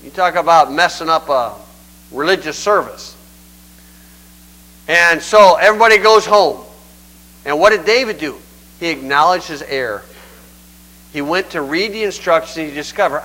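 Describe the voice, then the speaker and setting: High-voiced, bright folksy older preacher. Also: male voice, normal speed, poor audio. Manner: folksy, conversational, acts out scripture quotes. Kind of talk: sermon.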